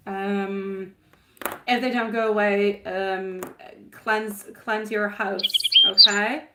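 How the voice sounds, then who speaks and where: A woman's voice: medium pitch, flat delivery, very slow, very noisy. A woman giving a live-stream tarot reading, chatty and affectionate, often laughing at herself.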